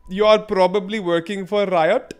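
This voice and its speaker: A man's voice: high-pitched, fairly even intonation, normal speed, clean tone. A man streaming a game and chatting with viewers, rambling, crude and sarcastic, with many restarts. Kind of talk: casual gameplay commentary.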